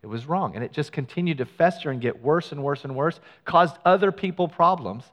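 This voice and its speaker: A middle-aged male pastor telling a personal story in a sermon, animated and acting out what people said. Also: a little high, a little fast. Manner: animated storyteller, acts out quoted lines. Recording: long hall reverb.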